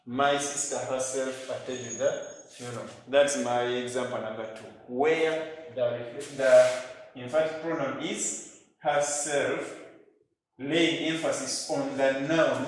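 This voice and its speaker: Ugandan man teaching grammar in an echoey classroom. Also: medium pitch. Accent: Ugandan English. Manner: slow, emphatic, repeats example sentences. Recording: very echoey room, faint noise.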